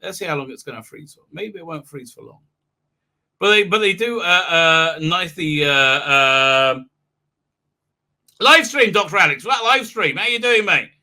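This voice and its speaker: Reviewing a TV episode on his livestream, a man talks at a normal speed in a high, very bright voice with lively intonation. The recap is casual and unscripted, packed with filler words, and he breaks into goofy, mocking character voices as he rambles.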